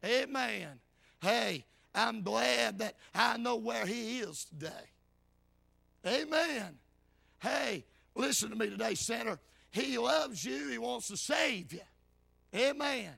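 A man preaching a hollering revival sermon in church, shouting and punctuating every line with amen and hey. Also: extremely high pitch, lively intonation, slow, creaky, no echo.

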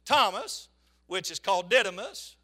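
A male preacher giving an animated sermon, with shouted bursts and folksy storytelling asides. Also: sits high, normal speed.

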